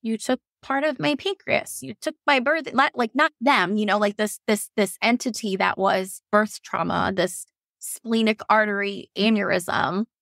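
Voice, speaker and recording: Woman, 30s, guest sharing a hard birth story; gravelly, frank, emotional, dry close sound. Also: medium pitch, unhurried, fairly bright tone, no echo. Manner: emotional, frank, swears, many fillers. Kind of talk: candid personal storytelling.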